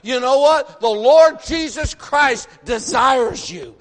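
A man in his sixties, originally from the northern United States, preaching a sermon in an animated, folksy way, full of rhetorical questions. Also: very high-pitched, slow pace. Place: church sanctuary. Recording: long reverb of a large hall.

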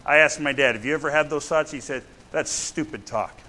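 A man's voice: on the high side, fairly even intonation, fast talker, bright, forceful tone, a little hiss or hum. A man preaching a sermon in a church, blunt and conversational, often checking in with his listeners. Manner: blunt conversational preaching, keeps asking "right?". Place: church with a responding congregation.

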